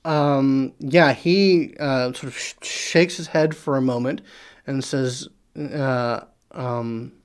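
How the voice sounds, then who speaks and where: A man narrates as game master for a tabletop game, pausing often and filling gaps with hesitant sounds. His voice sits at an ordinary middle pitch. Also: fairly even intonation, clear, resonant tone. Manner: hesitant, many filler sounds.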